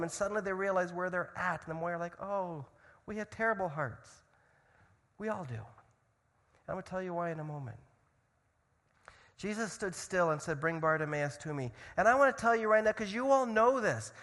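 High-voiced man preaching in a reverberant hall. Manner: dramatic, swings from loud shouts to hushed tones. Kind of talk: sermon with animated storytelling.

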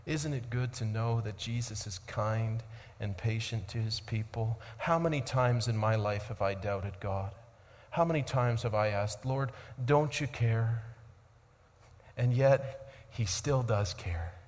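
A man preaching a sermon as pastor, swinging between loud emphasis and quiet reflective passages. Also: mid-range voice, measured pace, in a large hall.

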